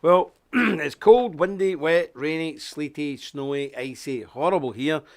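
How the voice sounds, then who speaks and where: A man presenting a live online show, talking in an animated, folksy rant while unwell with a stuffy nose. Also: a little high, unhurried. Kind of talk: live broadcast chat and rant.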